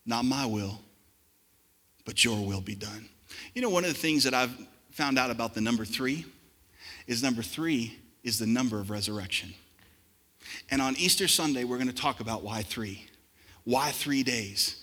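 A man preaching a sermon as pastor, swinging between hushed, reflective passages and loud, forceful outbursts. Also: medium pitch, normal speed, long pauses, big-room sound. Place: church sanctuary.

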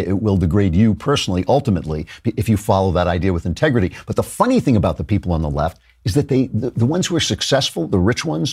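A male talk show host giving political commentary in a conversational, animated way, often chuckling as he talks. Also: on the low side, breathy edge.

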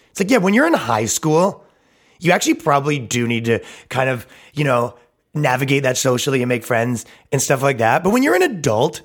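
A man rants on his comedy podcast in a brash, crude way. He mocks freely and swears often. His pitch sits in an ordinary middle range for a man. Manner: profane, mocking, brash. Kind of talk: crude ranting podcast talk.

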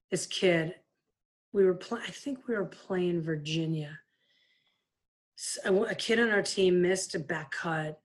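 Woman, 50s, lower register, lively anecdotal guest storyteller, conversational. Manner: lively anecdotal, frequent "like" and "you know". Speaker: guest, former player and coach. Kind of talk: casual storytelling interview.

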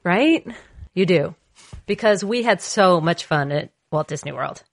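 A woman's voice: lowish voice, a little slow, no echo, studio quality. A woman co-hosting a podcast, chatting in a bubbly, jokey way and telling stories with lots of energy. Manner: bubbly, jokey, animated storyteller. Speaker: podcast co-host. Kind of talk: casual chat.

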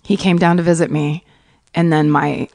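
A woman's voice: deep voice, flat delivery, normal speed, a little mellow. A woman co-hosting a podcast, chatty and joking, laughing often as she tells stories. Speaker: podcast co-host. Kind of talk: casual chat.

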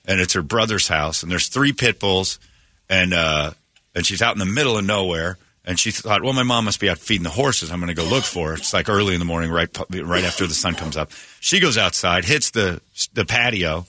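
Male radio host, deep and forceful, dry studio sound, rambling animated storyteller. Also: brisk, no room sound. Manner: animated retelling with many restarts and fillers. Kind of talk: casual storytelling chat. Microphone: studio microphone.

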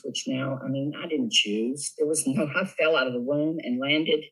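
A man with a Southern US accent, a guest telling funny stories in a giggly, animated way. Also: mid-range voice, moderate pace, slightly rough, rough recording. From Tennessee, USA. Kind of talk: casual storytelling interview.

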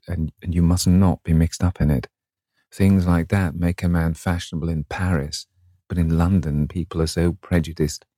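A man voicing a witty, cynical aristocratic gentleman in an urbane, measured manner. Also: low-pitched, no echo, clean studio sound. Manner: urbane, epigrammatic.

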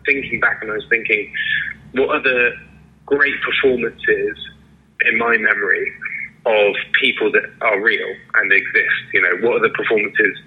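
An actor answering interview questions casually, hesitant with many fillers and restarts. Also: male voice, lowish voice, fairly even intonation, normal speed. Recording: lo-fi phone-like line.

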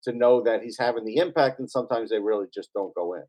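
Relaxed man co-hosting a podcast. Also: mid-range voice, fast. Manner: relaxed, agreeable, conversational. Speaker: podcast co-host. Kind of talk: casual hockey podcast chat.

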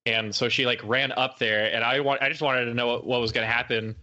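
Bombastic male podcast co-host, jokey and prone to interrupting, forceful bright voice. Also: mid-range voice, fairly even intonation, brisk, highs cut off. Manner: bombastic, joking, interrupts often. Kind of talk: casual chat.

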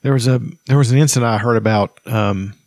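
A man's voice: mid-range voice, fast, darkish tone, no echo. A man co-hosting a casual podcast who tells heated, profane stories about bad jobs. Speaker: podcast co-host. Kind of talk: casual chat.

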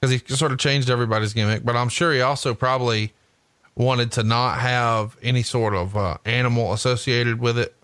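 A man's voice: mid-range voice, fairly even intonation, a little fast, a bit bright, clean tone, no room sound. A man from Alabama, co-hosting a casual wrestling podcast, cursing freely and laughing often. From Huntsville, Alabama. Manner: profane, jokey, laughs often. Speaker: podcast co-host.

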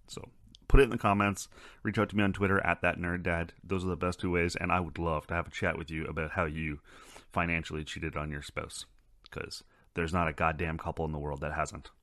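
Deep-voiced, profane podcast host. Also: male voice, a bit bright, dry recording, clean studio sound. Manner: loose, profane, rambling, laughs often. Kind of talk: casual solo podcast chat.

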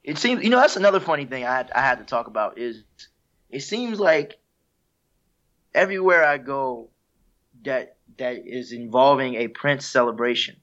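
A man's voice: medium pitch, lively intonation, normal speed, fairly bright tone. Man telling heartfelt stories, dull lo-fi sound. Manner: reflective, heartfelt storytelling with easy laughs. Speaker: guest musician, saxophonist. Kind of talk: casual interview talk.

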